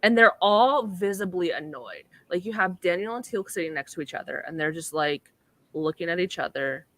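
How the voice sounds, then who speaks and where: This young female podcast co-host talks at a normal speed in a somewhat low, slightly bright voice with lively intonation. Her casual episode recap leans heavily on "like," and she acts out the lines she quotes. No echo is present.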